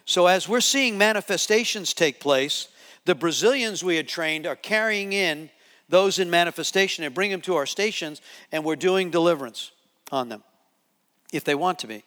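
A man preaching a sermon to a live audience, telling a story with lively acted-out quotes. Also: high voice, moderate pace. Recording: long hall reverb.

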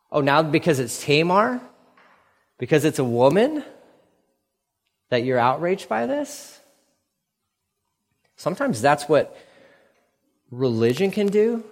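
A man preaching a sermon in an animated way, acting out the characters with sarcasm. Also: medium pitch, long reverb tail.

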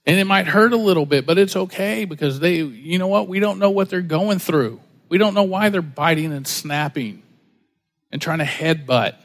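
A man preaching a sermon in a relaxed, joking storytelling way, slipping into other people's voices as he tells a story. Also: a little high, normal speed. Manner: conversational, jokey, acts out quoted voices. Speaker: pastor.

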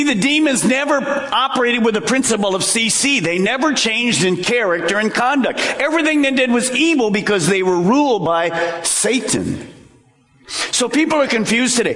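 A man preaching a sermon as pastor, emphatic and animated, joking with his congregation. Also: sits high. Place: church sanctuary. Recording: echoey church hall.

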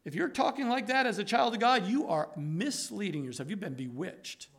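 A man preaching a sermon with fervent urgency, repeating phrases for emphasis and sometimes dropping to a low, soft delivery. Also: expressive, normal speed, vocal fry. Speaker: pastor.

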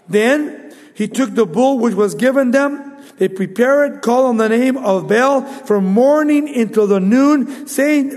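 High-voiced man preaching in a hall. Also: moderate pace. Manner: animated storyteller, acts out the quotes. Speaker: pastor. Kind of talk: sermon, Bible teaching.

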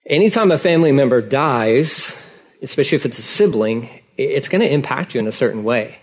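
A male pastor preaching a sermon in a casual, conversational way, acting out dialogue with lively emphasis. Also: medium pitch, brisk, slightly rough.

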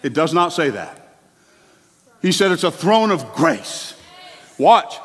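A male pastor delivering a sermon in a church, animated and exclamatory, with chatty asides to the congregation. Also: a little high, slow pace, breathy edge. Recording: long hall reverb.

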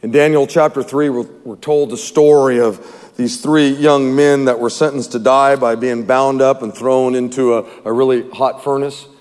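A male pastor preaching a sermon in an animated way, acting out scripture voices and dropping from loud to hushed. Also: medium pitch, normal speed, big-room sound.

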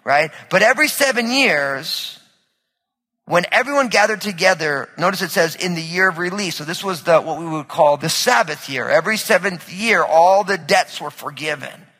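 A man's voice: sits high, animated, moderate pace, sharp tone, long reverb tail, poor audio. A male pastor giving a sermon in a conversational style, often asking the congregation questions. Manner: conversational, asks the audience questions.

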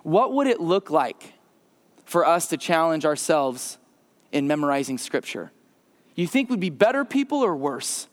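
A man preaching a conversational sermon as a pastor in a church, slowing and dropping his voice for emphasis. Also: on the high side, very animated, in a large hall. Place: church sanctuary.

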